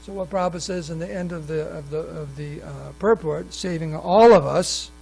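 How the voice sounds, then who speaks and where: Speaking at normal speed, a man with a highish, slightly rough, somewhat mellow voice and vocal fry leads a scripture class in a temple hall. He reads passages, adds asides and questions for the audience, and often restarts sentences with fillers, all on poor audio.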